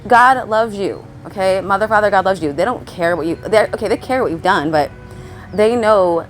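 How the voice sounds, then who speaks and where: A woman vlogging outdoors in a scattered, casual monologue, swearing and laughing as she goes. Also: medium pitch. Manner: scattered, swearing, laughs often, talks to birds around her. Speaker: spiritual vlogger. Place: outdoors among birds.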